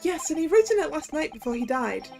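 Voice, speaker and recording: A woman's voice: high-pitched, big pitch swings, fast, gravelly, darkish tone, faint music behind, voice pushed up, full character voice. A woman voicing an earnest, polite young male lawyer.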